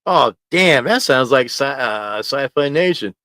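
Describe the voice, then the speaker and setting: A man's voice: medium pitch, expressive, unhurried, pushed and bright, no room sound. A man hosting a casual livestream from his home office, rambling and chuckling as he reads viewer comments aloud. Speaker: livestream host. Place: small home office studio. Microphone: desk mic in home office.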